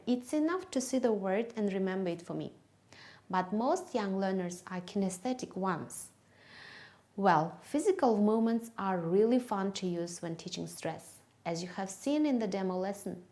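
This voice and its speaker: A woman who trains teachers, speaking with a Kyrgyz accent, leads a methodology lesson for English teachers. Her voice is mid-range and warm, and she talks slowly and carefully, drawing words out to highlight where the stress falls.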